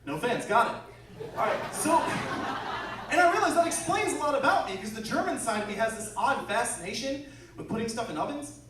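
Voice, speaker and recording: A young male comedian doing stand-up with a high, very lively voice. He tells stories animatedly and acts out the voices. He is heard from a distance in an echoey club with crowd laughter. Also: a little fast, noisy background.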